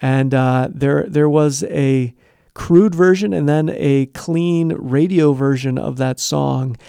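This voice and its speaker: A middle-aged man explains advice in an earnest, conversational teaching style, slipping into little acted-out exchanges. His voice sits a touch high for a man, with a gravelly edge and a dark, mellow tone. The recording is dry and close, with no room sound. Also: slow pace, dry recording. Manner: earnest, explains step by step, acts out quoted dialogue. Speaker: guest giving Christian advice.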